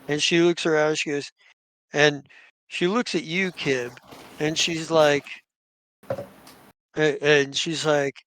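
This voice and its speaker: A man narrating as game master of a tabletop game, halting and restarting often as he describes what characters do. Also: on the high side, steady tone, a bit bright.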